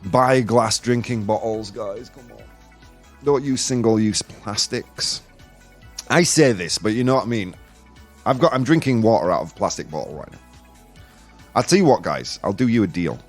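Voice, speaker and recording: A man's voice: fairly low pitch, animated, moderate pace, faint music behind. A man hosting a casual live-streamed news podcast, joking, rambling and laughing at his own jokes. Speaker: podcast host.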